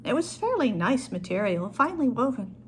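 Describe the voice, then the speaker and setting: A woman author reading her own short story aloud in a calm storytelling manner. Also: fairly high pitch, a little fast, a little hiss or hum.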